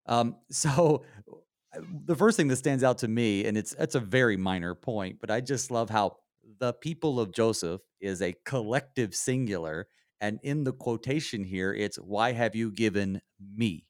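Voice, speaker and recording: A man's voice: lowish voice, normal speed, no echo. A male radio Bible study host who reads scripture and then tells stories expressively, laughing often, on a studio mic. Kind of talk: scripture reading and discussion.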